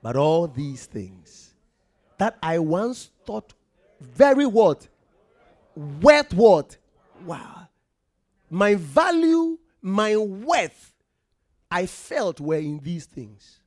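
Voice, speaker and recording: Male preacher, high and animated, reads scripture and prompts the congregation. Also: drawn-out words, no echo, clean studio sound. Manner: reads scripture aloud, quizzes the congregation for answers. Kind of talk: sermon.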